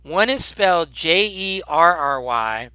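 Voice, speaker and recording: Brief: male game master, bright slightly high voice, dry close sound, rambling narration. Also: expressive, smooth, no room sound. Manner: rambling, halting, laughs often.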